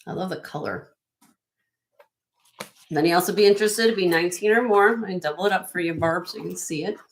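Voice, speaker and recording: A woman's voice: lowish voice, a little fast, a little hiss or hum. A woman hosting a live online jewelry auction, chatting upbeat with viewers and laughing often. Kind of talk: live-stream auction chat.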